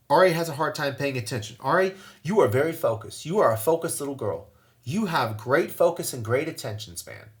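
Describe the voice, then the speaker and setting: A man giving an informal Bible teaching on parenting, emphatic, repeating his points and asking rhetorical questions. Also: on the high side.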